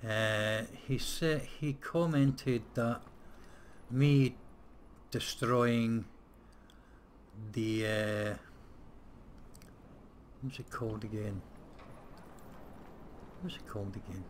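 A man's voice: lowish voice, steady tone, extremely slow, pauses often, slight background noise. A man hosting a casual let's-play, thinking aloud as he plays, with frequent hesitations and the odd blunt swear word. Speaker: gameplay host.

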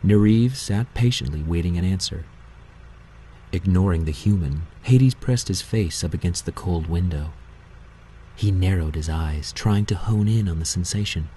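A man narrating a novel in a measured, steady audiobook reading. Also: low-pitched, a little hiss or hum, rough recording.

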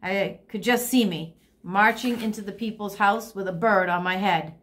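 A woman teacher reads a children's chapter book aloud to a second grade class, telling the story expressively. Her voice is medium-pitched and her pace moderate.

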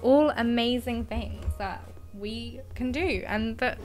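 A woman's voice: fairly high pitch, slow pace, darkish tone, soft background music. A young woman chatting casually on her live stream, giggly and affectionate toward her cat, speaking into a desk mic at home. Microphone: desk microphone.

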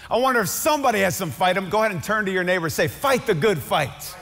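A man preaching a sermon as pastor, swinging from loud, fervent climaxes to quiet, conversational asides. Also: high-pitched, expressive, fast, few pauses, faint music behind. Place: large church hall. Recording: long hall reverb.

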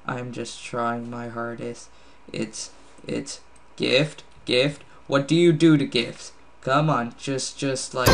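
Tired man muttering drawing-game guesses slowly. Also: mid-range voice, sharp tone. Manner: muttering guesses, swearing at himself. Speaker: gamer playing online. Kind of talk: casual gaming commentary. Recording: noisy home recording with ticking.

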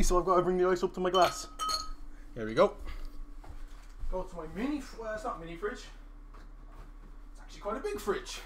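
A man's voice: high-pitched, lively intonation, normal speed, pauses often, noisy background. A young man, chatting and joking casually through a live gaming stream while he reads out viewer messages.

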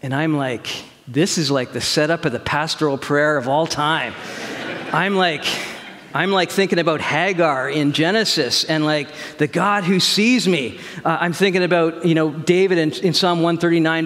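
A man preaching a sermon as a pastor, telling a personal story in a conversational, animated way with quoted dialogue. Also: on the high side, moderate pace. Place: church sanctuary. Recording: long hall reverb.

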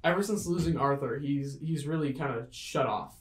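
A woman narrating a tabletop role-playing game as game master, in a relaxed way with lots of fillers. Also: rumbling low, moderate pace, a little hiss or hum. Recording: echoey room.

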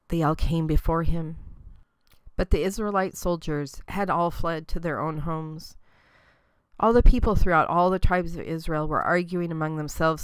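A woman giving a measured, even reading of Bible scripture. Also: on the low side, clear, resonant tone, dry recording. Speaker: scripture reader.

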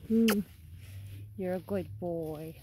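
A woman's voice: fairly low pitch, slow pace. A woman breeder talking soothingly and coaxingly to an anxious puppy in casual baby talk. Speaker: dog breeder. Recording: noisy background.

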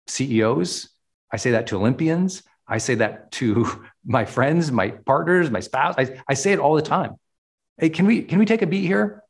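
A middle-aged man with a mid-range voice gives a motivational talk as a personal development coach. He slows down on key words to stress them.

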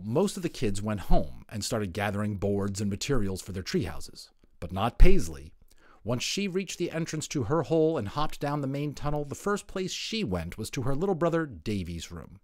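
A man's voice: fairly low pitch, no echo, studio quality. A man narrating a children's picture book aloud, adding chatty asides. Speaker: voice actor narrator.

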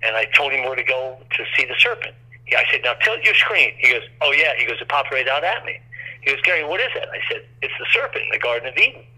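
A man's voice: mid-range voice, sing-song, fast, sharp tone, husky. A man telling a long, rambling story as an interview guest, acting out quoted voices, over a phone line.

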